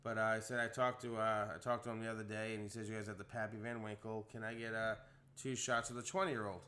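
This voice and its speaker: A young man telling a story on a casual podcast, animated, acting out the quotes in a rising voice. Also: fairly low pitch, fast.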